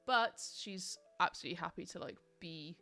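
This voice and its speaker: A woman's voice: on the low side, normal speed, pushed and bright, soft background music. A young woman chatting casually on a live stream, rambling with lots of ums and likes.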